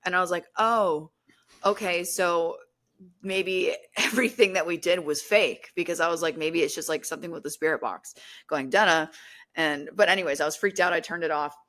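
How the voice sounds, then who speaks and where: A young woman telling a story in casual podcast chat, animated, acting out quotes with lots of fillers. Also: on the low side, moderate pace. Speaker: guest, paranormal content creator.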